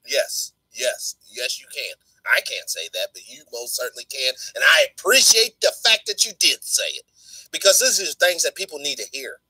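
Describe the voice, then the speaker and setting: A man's voice: medium pitch, lively intonation, normal speed, pushed and bright, breathy edge, no echo, poor audio. A man hosting a talk show who rants fiercely and swears as he makes his points. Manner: fiery, swearing. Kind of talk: ranting talk show commentary.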